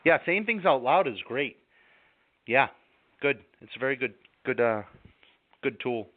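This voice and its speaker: A man gives self-help advice in a relaxed live interview. He is animated and acts out angry outbursts to make his point. The sound is tinny and phone-like, with a dry, close feel. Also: mid-range voice, unhurried, no room sound.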